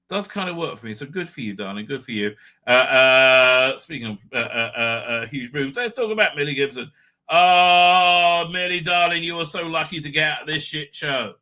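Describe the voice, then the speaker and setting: A man's voice: on the high side, sharp tone. A man hosting a casual livestream, rambling crudely with many fillers and tag questions. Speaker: livestream host.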